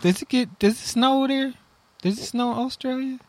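A man's voice: very high voice, normal speed. A man hosting a casual music show, teasing his co-host and laughing often. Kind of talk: casual chat.

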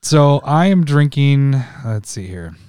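A laid-back man co-hosting a casual podcast chat, his voice sitting at an ordinary middle pitch. He laughs easily between lines. The sound is close and dry, with no room around it. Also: very animated, slow pace, warm tone, clear, resonant tone, no room sound. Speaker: podcast co-host.

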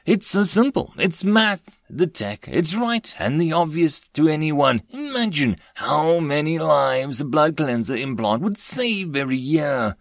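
A man's voice: fairly high pitch, very animated, unhurried, gravelly, hardly any pauses, no echo, clean studio sound, pitched above the performer's own voice, full character voice. A man doing an indignant female alien medic. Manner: indignant, exasperated.

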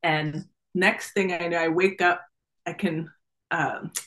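Lively woman telling a personal story. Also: on the low side, slow pace, rough recording. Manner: animated, laughs often, acts out quoted voices. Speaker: guest. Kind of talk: casual storytelling in an interview.

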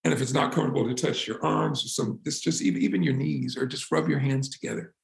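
A man teaching a spiritual practice and guiding listeners through yawns, stretches and breathing, earnest and slowing down to stress words. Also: mid-range voice, fairly even intonation, vocal fry. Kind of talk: teaching talk and guided relaxation. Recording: roomy echo.

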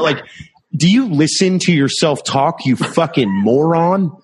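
A man's voice: on the high side, lively intonation, a little slow, slightly rough. A man telling a military anecdote in casual chat, profane and exasperated.

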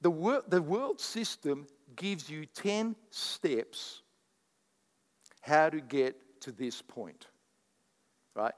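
A man preaching a sermon, swinging between loud proclamations and quieter asides. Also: a little high, very animated, drawn-out words, pauses often, in a large hall. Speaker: pastor.

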